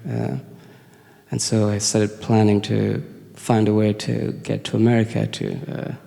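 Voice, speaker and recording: A man's voice: on the low side, monotone, a little slow, creaky, warm tone. A nervous man from Kenya telling a story on stage at a concert venue, hesitant, with many fillers and chuckles. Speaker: singer-songwriter performing live. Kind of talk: storytelling between songs on stage. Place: concert venue before an audience. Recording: long reverb of a live venue.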